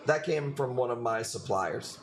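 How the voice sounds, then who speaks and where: A man from Chicago with a Chicago accent rambles through a live sales stream. His voice sits at an ordinary middle pitch, and he talks loosely and casually with frequent swearing. A faint hum runs under his voice. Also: animated, moderate pace. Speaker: livestream coral seller. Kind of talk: casual livestream chat.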